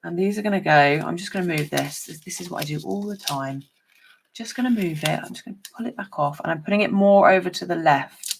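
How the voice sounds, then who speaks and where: A woman's voice: lowish voice, a little fast, creaky, a little hiss or hum. A woman demonstrating papercraft on a chatty live stream, talking to her viewers by name as she works. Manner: chatty, talks to viewers by name while working.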